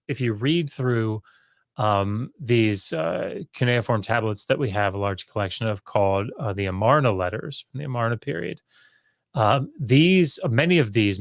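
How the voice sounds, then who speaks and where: Guest scholar, male, mid pitch, rambling and playful, dry sound. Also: dry recording. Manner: jokey, rambling, quick asides and self-corrections. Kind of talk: casual explanatory chat.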